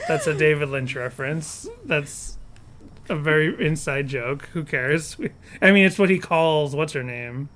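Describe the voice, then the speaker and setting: A man's voice: fairly high pitch, lively intonation, unhurried, a bit bright, a little hiss or hum. A man co-hosting a casual podcast, rambling, joking and correcting himself as he talks on a porch. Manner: rambling, self-correcting, jokey. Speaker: podcast co-host.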